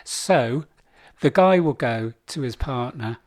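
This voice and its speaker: A man in his sixties talks in casual podcast chat. He tells a long, rambling story and slips into voices for the people in it. His voice sits at an average pitch and sounds dry and close. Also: animated, slow pace, no echo. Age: 60s. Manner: rambling storyteller acting out game-show contestants in put-on voices. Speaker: podcast co-host.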